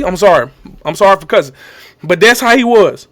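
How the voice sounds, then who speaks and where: Animated young man storyteller. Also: high voice, fairly quick. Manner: animated, acts out shouts and coaches' lines. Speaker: vlogger telling his injury story. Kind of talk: emotional storytelling to camera.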